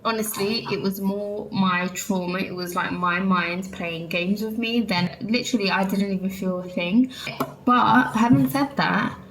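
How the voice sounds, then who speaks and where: A woman's voice: mid-range voice, unhurried, fairly bright tone, slight background noise, poor audio. A young woman from England, chatting candidly to viewers and saying "like" and "literally" a lot. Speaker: vlogger. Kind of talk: casual chat.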